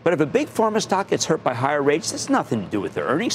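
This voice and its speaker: A middle-aged man hosts a finance TV show with theatrical, emphatic energy. His voice sits fairly high and leaps around dramatically as he punches key words. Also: huge pitch swings, quick pace, a little hiss or hum. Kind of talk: animated market commentary.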